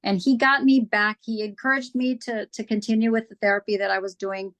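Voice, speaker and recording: Woman guest on an interview, talking open and earnest about her life, middle pitch. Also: fairly even intonation, a little fast, fairly bright tone. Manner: earnest, candid, acts out past conversations. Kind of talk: casual personal storytelling.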